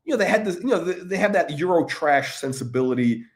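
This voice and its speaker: A man's voice: fairly high pitch, expressive, fast. A man talking in a rambling, profane monologue, with many fillers, restarts and laughs between remarks. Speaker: watch commentator.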